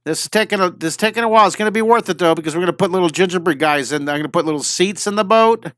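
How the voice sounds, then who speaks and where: A man's voice: high-pitched, rapid-fire, a bit bright, dry recording, studio quality. A middle-aged man teaching a live drawing lesson, chatty and enthusiastic, talking through every step as he draws.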